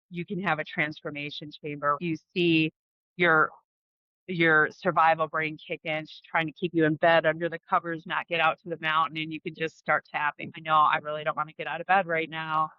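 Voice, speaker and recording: A woman's voice: deep voice, steady tone, normal speed, no echo, dull audio. Frank, swearing middle-aged woman vlogger. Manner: casual, frank, swears freely. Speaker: host. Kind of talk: candid personal reflection vlog.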